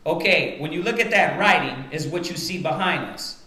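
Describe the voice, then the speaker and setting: A man's voice: on the high side, moderate pace, bright, forceful tone. A man leading a Bible study for a congregation, teaching point by point and often checking in with his listeners by asking "right?". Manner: rhetorical, repeatedly checks with "right?". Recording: roomy echoing room.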